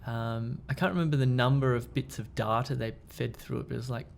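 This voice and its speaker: Gravelly man musing casually. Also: medium pitch, fairly quick, slight background noise. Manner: relaxed, hesitant with many fillers and restarts. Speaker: podcast co-host. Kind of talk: casual discussion.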